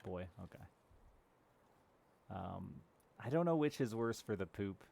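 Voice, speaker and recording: Warm and creaky, his low-leaning voice has lively intonation and a measured pace. He's a man in his thirties chatting casually with live viewers over a game stream, swearing every so often.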